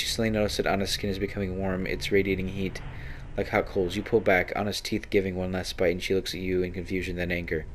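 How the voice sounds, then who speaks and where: A man reads a role-playing game's descriptive text aloud for a playthrough. His delivery is steady and his voice sits low, with a faint noise underneath. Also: fast talker, few pauses. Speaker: let's play narrator. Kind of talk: reading game text aloud.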